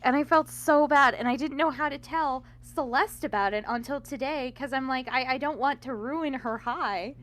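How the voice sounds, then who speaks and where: A woman in her twenties telling an animated story in casual chat, swearing freely. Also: sits high, moderate pace, hardly any pauses. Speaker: regular player on a tabletop game stream.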